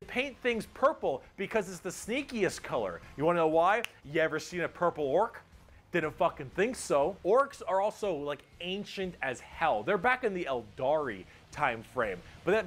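A man narrating a comedic explainer video in an excitable, jokey manner, swearing freely. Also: a little high, normal speed, slight background noise. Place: played from a video inside a reaction stream.

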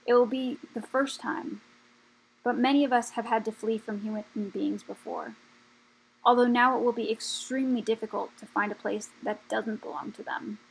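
A solemn old dragon elder, as a woman reads him, grave and unhurried, with a gravelly, husky edge to a fairly high voice. He speaks like a tired leader who has seen too much. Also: steady tone, low-quality recording.

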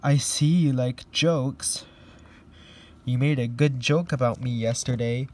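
A man's voice: medium pitch, slow pace, noisy background, lightly acted. A man doing a sly, oily scheming engine. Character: sly scheming engine, male, smooth liar.

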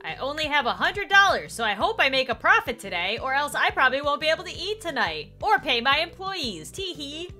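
A woman hosting a let's play, commenting in an excitable, playful way with quick reactions. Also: high-pitched. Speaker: gaming channel host. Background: faint game music.

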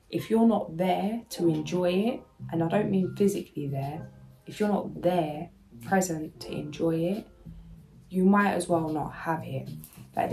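A woman with a lowish voice gives her viewers a soothing, spiritual tarot reading, speaking with emotion and occasionally groping for words. Soft music plays beneath, and the audio is poor.

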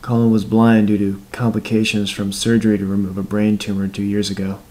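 A man narrating a dark horror tale in a measured, scripted storytelling voice. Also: lowish voice, monotone, low-quality recording.

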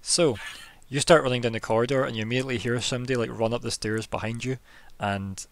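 A man's voice: medium pitch, fairly even intonation, quick pace. A man narrating as game master in a tabletop role-playing session, loose and chatty, often breaking into laughs.

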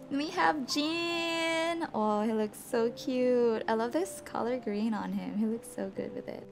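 A young woman excitedly unboxing albums in a vlog, gasping and squealing with delight. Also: a little high, a little slow, soft background music. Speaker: book and K-pop vlogger. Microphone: desk USB microphone.

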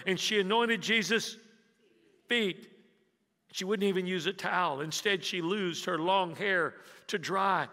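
A man preaching a sermon as pastor, telling the story dramatically, dropping from loud emphasis to hushed near-whispers and drawing the congregation into call-and-response. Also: sits high. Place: church sanctuary. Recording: long reverb of a church hall.

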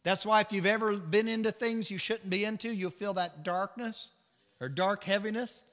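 A man's voice: high voice, moderate pace, a bit bright. A man with a Southern US accent leading a Bible study, preaching earnestly and telling stories while acting out the voices in them. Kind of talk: sermon-style Bible teaching with storytelling. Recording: church hall reverb.

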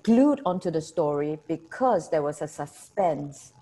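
A middle-aged woman guides a workshop on a video call. Her voice is lowish and mellow, and she talks participants through their answers with a friendly, teacherly rhythm. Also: animated, measured pace. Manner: summarizes points, prompts participants by name. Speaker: workshop facilitator. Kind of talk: online workshop discussion.

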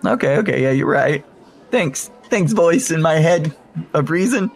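A man's voice: a little high, lively intonation, a little slow, faint music behind. A man playing a tabletop game, eagerly narrating his character's actions with laughs. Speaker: player. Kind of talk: casual in-character play.

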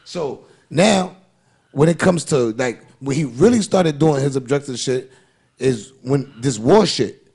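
A man's voice: medium pitch, a little slow, gravelly, breathy edge. A man co-hosting a podcast in casual, heated chat, swearing freely and arguing with energy. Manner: animated, swearing, acts out quoted voices. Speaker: podcast co-host.

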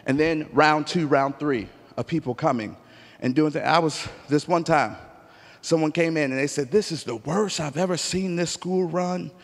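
Man preaching, fairly high voice, emphatic storyteller, long church hall echo. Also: normal speed, creaky. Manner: emphatic storytelling preacher, acts out dialogue, rises to near shouts. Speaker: pastor. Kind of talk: sermon. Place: church sanctuary.

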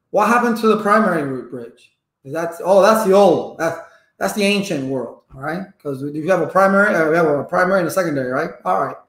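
A man's voice: on the high side, reverberant. A man running a live-streamed networking lesson, chatty and repetitive, stopping to greet viewers in the chat. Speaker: networking instructor.

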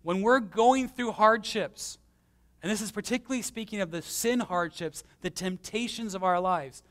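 A man preaching a conversational sermon as pastor, swinging between emphatic and hushed, with self-deprecating stories. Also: high voice, normal speed. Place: church.

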